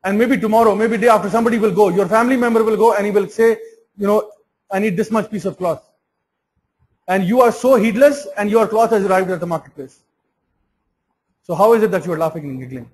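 A man's voice: sits high, quick pace, pauses often, darkish tone, rough recording. A man giving an earnest Islamic sermon, often restarting and repeating words. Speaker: Islamic preacher.

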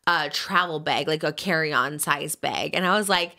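A woman's voice: low voice, moderate pace, sharp tone. A young woman hosting a podcast, chatting animatedly and casually, full of filler words. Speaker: podcast host. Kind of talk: casual chat.

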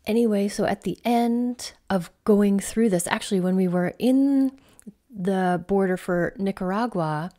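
A woman's voice: fairly low pitch, mellow. A woman, a coach hosting her own podcast, casually telling a personal travel story in a chatty, rambling way full of "like".

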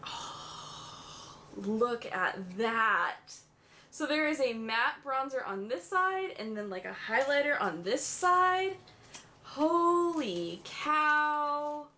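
A young woman, a beauty vlogger, gushing and squealing with excitement as she unboxes a makeup swap. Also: a little high, takes it slowly.

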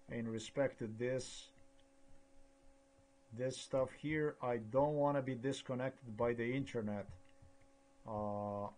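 Man, middle pitch, halting and repetitive, earnest rambling vlog delivery. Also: darkish tone. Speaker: video blogger.

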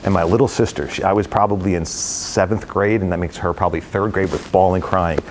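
A middle-aged man tells stories to a room of brokers in an energetic, rambling way, full of fillers. His voice sits very low and he talks fast. A faint hiss runs under the talk. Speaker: real estate executive speaking to brokers. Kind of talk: casual talk to a live audience. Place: company headquarters event space.

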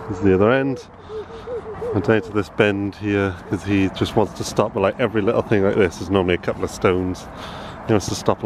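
A young father with a fairly low voice chats casually in a home vlog, frequently using a sing-song voice for his small child. Shot on a handheld camera with noisy audio, it starts in the kitchen amid humming appliances and ends outside by a canal with traffic noise.

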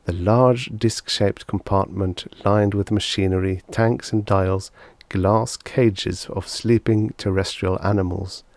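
A man narrating a vintage science fiction story as an audiobook, measured and unhurried through the descriptions. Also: sits low, darkish tone, dry recording.

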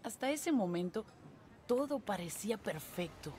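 A woman voicing a young woman narrating her story in a video game, in calm, even storytelling. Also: medium pitch, moderate pace, slight background noise, lightly acted.

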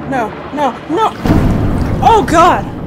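A young woman narrates her VR game in a very high, swooping voice, shrieking, swearing and laughing in fits of nerves. She drags her words out slowly, with clear game noise behind her. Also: big pitch swings. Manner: screaming, swearing, nervous laughter. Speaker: gaming channel host. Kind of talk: let's play commentary.

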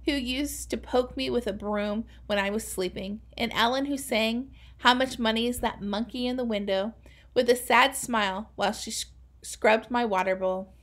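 Woman reading a children's novel aloud. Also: fairly high pitch. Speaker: reader.

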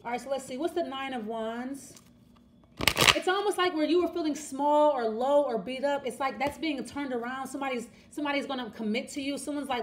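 A woman's voice: high-pitched, quick pace, slight background noise. A woman giving a casual, chatty tarot reading straight to the viewer, repeating and restarting her words as she talks. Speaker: tarot reader.

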